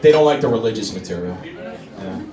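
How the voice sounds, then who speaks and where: A man doing live stand-up comedy in a comedy club, talking directly to the crowd in an animated way. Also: low voice, normal speed. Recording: roomy club, distant mic, crowd laughter.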